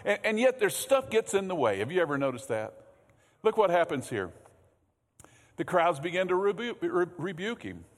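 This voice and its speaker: With a high, sing-song voice at normal speed, a pastor delivers a conversational sermon in a church sanctuary. He frequently repeats words and questions the congregation, and the sound has long hall reverb.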